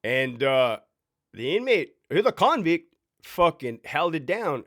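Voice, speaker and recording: A man's voice: a little high, big pitch swings, slow pace, a bit bright. A man in his thirties, a former prison sergeant, telling stories in a blunt, profane, emphatic way with rhetorical questions. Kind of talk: casual storytime monologue.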